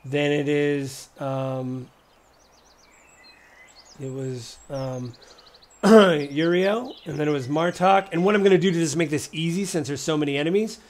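A man in a fairly high voice narrates a tabletop game as game master. His delivery is casual and rambling, full of fillers and little laughs. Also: a little slow, darkish tone.

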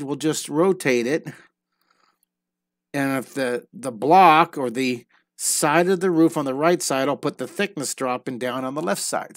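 A man's voice: fairly high pitch, a bit bright, no echo, studio quality. A man teaching a live online drawing lesson, chatting playfully and telling silly stories as he draws. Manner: playful, storytelling while drawing.

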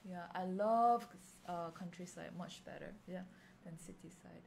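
A young woman co-hosting a casual chat, giggly, often breaking into high laughter and trying out playful French phrases. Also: unhurried, creaky, a little mellow, slight background noise. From Korea. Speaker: podcast co-host.

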